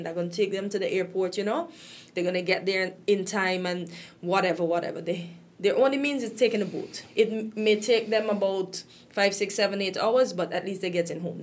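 A woman from Guyana with a Guyanese accent, talking in a casual, impassioned and indignant way. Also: medium pitch. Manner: impassioned and indignant, voice rising with upset. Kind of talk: emotional casual talk.

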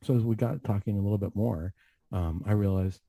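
A man's voice: fairly low pitch, brisk, creaky, mellow, no room sound. A man who works as a counselor, giving an earnest, reflective faith testimony on a talk show with many asides. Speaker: mental health counselor.

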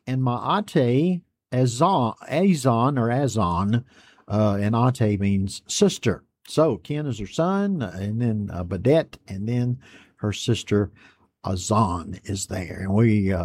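A man hosting an online Bible study program, reading out viewer greetings and chatting back in a folksy, unhurried way. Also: medium pitch, warm tone. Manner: folksy and unhurried, reads messages aloud then chats back.

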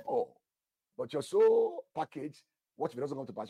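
A man preaching an emphatic, animated sermon, praying in tongues, repeating phrases and calling listeners "sir". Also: medium pitch, brisk, husky, dry recording.

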